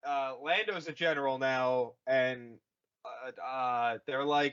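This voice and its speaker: A man co-hosting a podcast, recapping a movie comedically and acting out characters in quick bursts. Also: mid-range voice, a bit bright, smooth, highs cut off. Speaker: podcast co-host.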